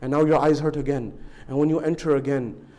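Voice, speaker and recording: A man giving a sermon, telling a story with big rises and drops in pitch and volume and acting out voices of people in it. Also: brisk. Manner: acts out dialogue in an excited raised voice. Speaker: speaker at a religious gathering.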